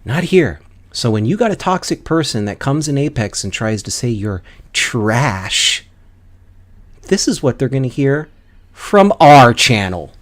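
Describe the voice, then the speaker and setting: A man hosts his own gaming channel, delivering a casual, foul-mouthed rant at toxic players. He talks slowly, his pitch swinging widely between lines. His tone is mocking and cocky. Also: sing-song. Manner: mocking, profane, trash-talking.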